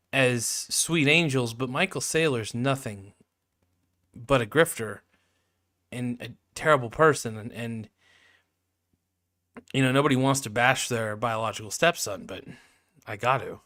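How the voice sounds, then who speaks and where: A man's voice: mid-range voice, sharp tone. A man giving casual, rambling video commentary in a sarcastic, mocking tone, full of restarts, profanity and jokey asides. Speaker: video creator.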